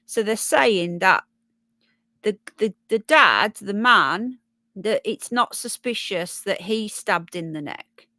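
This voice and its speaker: Brummie woman livestream host, mid-pitched, chatty and rambling, dry close mic. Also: lively intonation, slow, sharp tone, no room sound. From Birmingham, England. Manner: chatty, thinks aloud, stumbles over names. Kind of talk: casual live chat reading news and viewer comments.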